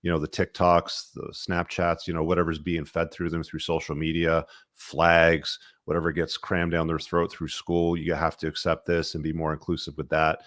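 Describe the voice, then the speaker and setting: Low-voiced podcast host guy, laid back, dry close sound. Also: normal speed, few pauses, no echo. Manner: relaxed, uses fillers like "man" and "you know". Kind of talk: casual podcast interview.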